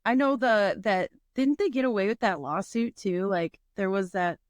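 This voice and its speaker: A woman guesting on a podcast in casual chat, relaxed and agreeable. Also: medium pitch, moderate pace, no room sound.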